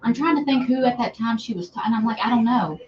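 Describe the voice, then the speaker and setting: Animated woman co-hosting morning radio. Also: on the high side, fast talker, lo-fi sound. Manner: animated storyteller. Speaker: radio morning show co-host. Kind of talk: casual radio banter.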